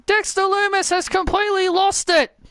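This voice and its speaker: A man giving excited play-by-play commentary over a wrestling video game, often shouting his calls. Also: extremely high pitch, normal speed, no room sound. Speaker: gaming commentator. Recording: loud game crowd and noise behind. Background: wrestling game crowd noise.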